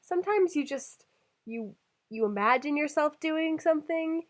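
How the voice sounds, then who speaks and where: A woman's voice: high-pitched, expressive, moderate pace, low-quality recording. A young woman chatting casually with a friend, goofy and full of filler words. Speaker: co-host. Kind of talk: casual chat.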